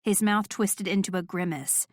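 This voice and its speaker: A woman narrates a first-person romance audiobook with steady, clear storytelling, her voice mid-range and her pace normal. The recording is clean studio sound with no room sound.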